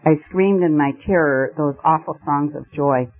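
Brief: male audiobook narrator, slightly high voice, muffled lo-fi recording. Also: a little slow. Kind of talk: first-person audiobook narration. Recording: dull lo-fi recording.

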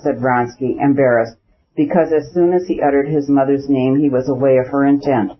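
A man narrating a classic novel as an audiobook in a measured storytelling manner. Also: medium pitch, fairly even intonation. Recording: dull lo-fi recording.

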